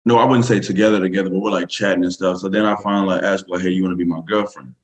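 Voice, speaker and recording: A man's voice: deep voice, fairly even intonation, very fast, rough recording. A man with a Southern US accent, a podcast guest telling a story casually, rambling with many fillers. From Texas, USA.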